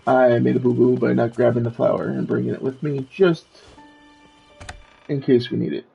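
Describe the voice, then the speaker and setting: A man's voice: medium pitch, normal speed, phone-quality sound, faint music behind. A man streaming a video game, chatting casually and self-deprecatingly while he plays. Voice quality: gravelly, raspy. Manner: relaxed, self-deprecating, thinking aloud.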